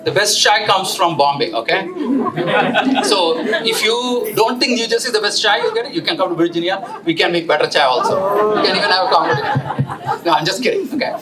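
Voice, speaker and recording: A man's voice: sits high, brisk, over a noisy crowd, rough recording. A middle-aged man speaking as father of the bride at an engagement party, rambling and joking with the guests. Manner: rambling, joking, self-correcting, with asides to the audience. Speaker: father of the bride giving a speech. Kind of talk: informal speech at an engagement party.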